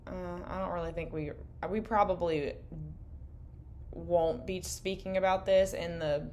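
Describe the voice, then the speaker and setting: Young woman, podcast co-host, lowish voice, candid rambling chat, swears freely, slightly worn voice. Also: steady tone, measured pace, a little mellow, a little hiss or hum. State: losing her voice. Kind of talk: casual late-night chat. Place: indoor room, in person.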